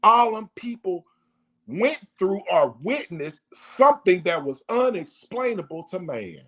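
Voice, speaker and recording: A man preaching to the camera in an animated monologue, firing off rhetorical questions. His voice is lively, swinging high and low, and sits a little above the usual male pitch. He repeats phrases for emphasis. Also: a little slow. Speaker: vlogger.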